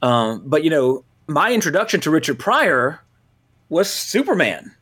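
A man's voice: fairly high pitch, sing-song, a little slow, a bit bright, breathy edge. A man from Louisiana, hosting a movie podcast in loose casual chat, full of fillers and self-corrections. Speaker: podcast host.

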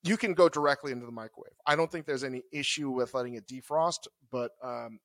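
A man's voice: medium pitch, fast, fairly bright tone, dry recording. A man co-hosting a podcast, talking in a loose, rambling, conversational way. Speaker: podcast co-host. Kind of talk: casual chat.

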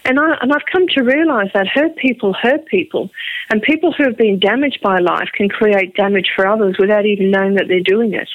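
A woman from Liverpool speaks as a psychotherapist guest in an interview, emphatic and lively as she tells stories. Her voice comes through a narrow, phone-like line with no room echo. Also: mid-range voice, a little fast. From Liverpool, England. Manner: animated, emphatic, acts out quotes. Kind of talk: conversational interview storytelling.

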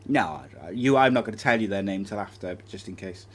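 A man's voice: fairly low pitch, fairly quick, slightly rough. A man co-hosting a podcast, chatting casually over drinks and reading out viewer messages in a laid-back way. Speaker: podcast co-host.

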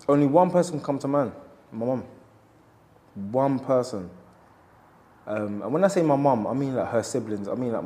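A man's voice: medium pitch, mellow. A man, a boxer speaking candidly in an interview, reflective and storytelling with quoted asides.

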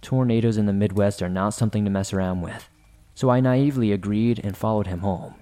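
A man hosting a horror podcast, reading a first-person scary story in a measured, deliberate way. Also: lowish voice, dark tone. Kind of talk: scripted horror narration.

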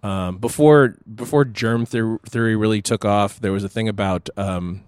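A middle-aged man co-hosting a podcast in casual chat, telling a story in a meandering way with many pauses and restarts. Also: on the low side, clean tone, dry recording. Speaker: podcast co-host.

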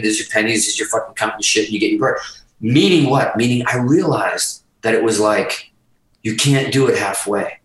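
A man guest on a podcast talks through his past in a rambling, profane, emphatic way. His voice sits a little low. He is set back from the microphone, so the room's echo carries around him. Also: a bit bright, recorded from a distance. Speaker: guest musician. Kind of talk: candid storytelling in a podcast interview.

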